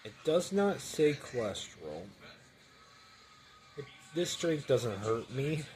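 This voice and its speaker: A man talking casually and haltingly as he reviews a snack and a drink at home, with sudden loud bursts between mumbled stretches. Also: medium pitch, sing-song, over music. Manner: rambling, halting, loud bursts while eating. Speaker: food reviewer.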